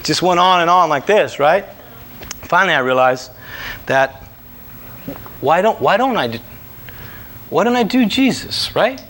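A man giving a personal testimony in a church room, telling his story with animated storytelling and acting out his own past lines. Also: high voice, a little slow, long pauses, a little hiss or hum.

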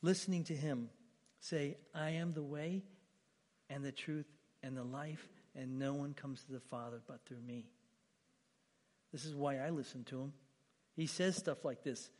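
A man preaching a sermon as pastor, emphatic, repeating his words and swinging between loud, lifted phrases and quiet, low ones. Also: fairly even intonation, a little slow. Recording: long hall reverb.

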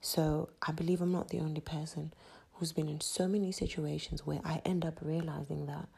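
A woman hosting a solo podcast, talking earnestly and dropping into whispers for emphasis, with a husky voice. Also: deep voice, little pitch movement, fairly quick, dark tone. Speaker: podcast host. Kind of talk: reflective solo podcast talk.

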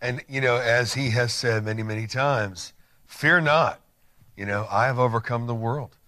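A man's voice: mid-range voice, normal speed, pushed and bright. A man hosting a Christian TV interview show, talking enthusiastically and encouragingly, with a chatty, filler-heavy delivery. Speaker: TV show host.

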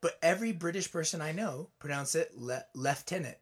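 A man's voice: fairly high pitch, lively intonation, brisk, husky. A young adult man with a Californian American accent, chatting casually and laughing easily as a podcast host. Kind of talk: casual chat.

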